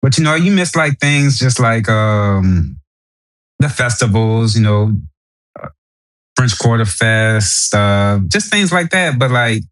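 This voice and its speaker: A man's voice: mid-range voice, takes it slowly. Easygoing man with a New Orleans accent. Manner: easygoing storyteller, animated when telling stories. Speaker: podcast guest, Navy sailor. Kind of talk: casual podcast chat.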